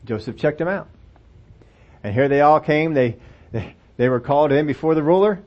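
A man's voice: a little high, animated, normal speed. A man preaching a sermon and reading from the Bible in a conversational way, asking his listeners rhetorical questions. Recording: dull lo-fi recording.

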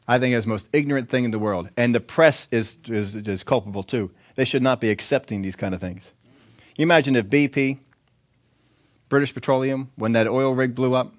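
Animated preacher man. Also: mid-range voice. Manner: animated preaching, acting out quotes in changing voices. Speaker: pastor. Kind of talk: sermon.

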